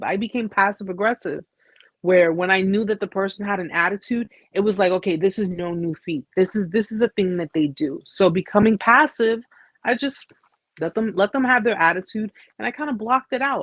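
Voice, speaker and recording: A woman's voice: on the low side, no echo. An American woman hosting a live chat, telling her story in a casual, blunt way with slang and frequent restarts. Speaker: host.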